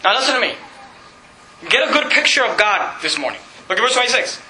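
A man preaching a sermon as pastor, animated, climbing to near-shouts and laughing through asides. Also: very high-pitched, fairly quick, echoey room, a little hiss or hum, poor audio. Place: church.

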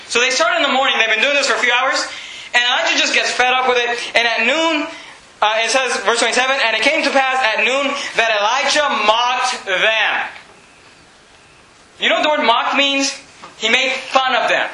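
A man preaching a sermon, reading scripture and mocking false worship with shouted impressions and laughs. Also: very high-pitched, echoey room, low-quality recording. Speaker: pastor.

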